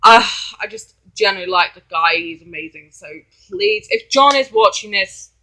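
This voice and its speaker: A man talking to camera for his vlog, his voice pitched high and edged with a very bright, tense tone. He rambles and stops to restart his thoughts, speaking with earnest, heartfelt warmth. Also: animated, unhurried, vocal fry, slight background noise, rough recording. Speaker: fan vlogger. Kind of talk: casual direct-to-camera vlog.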